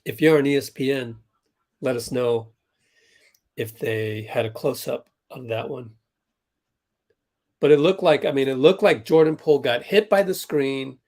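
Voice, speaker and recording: Speaking at a medium pitch, a bit slowly and with frequent pauses, a man with a slightly mellow tone runs a basketball watch-along livestream. His casual commentary reacts to the action while he talks with chat viewers in a chatty way.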